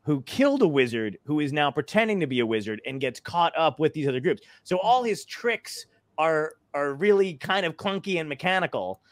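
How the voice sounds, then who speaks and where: A man hosting a casual comedy podcast, excitable and quick to laugh, with lots of swearing and restarts. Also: on the high side, no room sound. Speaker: podcast host.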